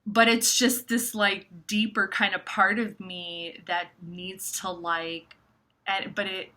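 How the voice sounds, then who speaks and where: Bright-voiced woman ranting freely. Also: mid-range voice, takes it slowly. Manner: animated, swears, many likes. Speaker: astrology vlogger. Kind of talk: casual monologue to camera.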